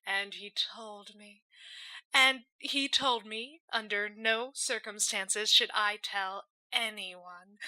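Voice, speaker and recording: A woman's voice: fairly high pitch, bright, forceful tone, full character voice, poor audio. A woman playing a gushing radio wisdom host. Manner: gushing, theatrical broadcaster patter. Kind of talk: in-character radio segment.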